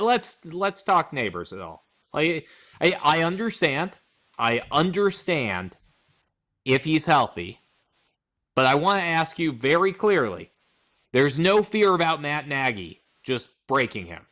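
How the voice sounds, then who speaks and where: A man co-hosting a casual live stream, quick with teasing jokes and questions. His voice is bright and forward, and his pitch moves around in a lively way. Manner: quick, teasing, jokey replies. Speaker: podcast co-host. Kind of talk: casual fantasy football chat.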